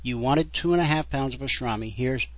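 A man voicing a calm, terse old master butcher who answers in a flat, matter-of-fact way. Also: medium pitch, brisk, background noise, lightly acted. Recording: dull lo-fi radio sound.

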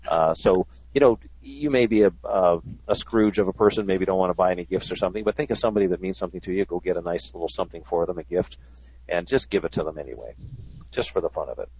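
Deep-voiced trader guy rambling on a radio show, raspy, muffled lo-fi sound. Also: fast, darkish tone, no echo. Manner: earnest, rambling. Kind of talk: casual radio chat. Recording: dry, dull lo-fi sound.

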